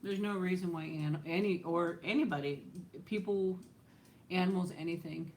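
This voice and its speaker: A middle-aged woman hosting her own live stream, answering viewers' questions in a loose, rambling way and breaking into laughs. Her voice sits fairly low for a woman, and a faint hiss runs under it from a home webcam or phone mic. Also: normal speed, darkish tone. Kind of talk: casual live-stream chat.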